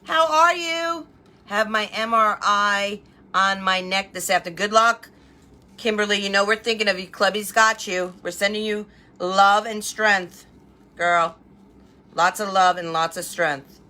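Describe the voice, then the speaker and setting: A woman's voice: medium pitch, a little slow, pushed and bright. A woman hosting a live crafting stream from home, chatting and greeting viewers by name as she works. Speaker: craft livestream host.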